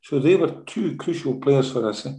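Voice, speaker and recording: A Scottish man with a mellow, warm voice tells animated stories from his football management days, often ending sentences with "eh?". He is recorded in an echoey room. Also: mid-range voice, normal speed. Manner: lively storyteller, tags sentences with "eh?". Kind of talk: anecdotal interview storytelling.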